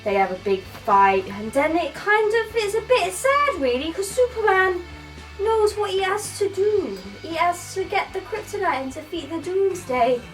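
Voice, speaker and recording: A woman's voice: very high voice, animated, normal speed, soft background music, low-quality recording. A woman doing a rambling, slangy comic film review.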